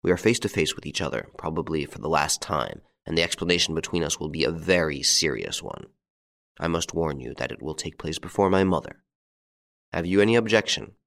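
A man's voice: very deep voice, expressive, brisk, vocal fry, a bit bright, heavily acted. A man doing a cold jeering nobleman husband.

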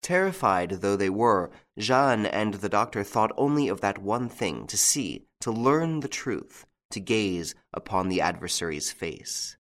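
A man narrating a mystery novel in measured, dramatic scripted narration. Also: fairly low pitch, sing-song, a bit bright. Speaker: audiobook narrator.

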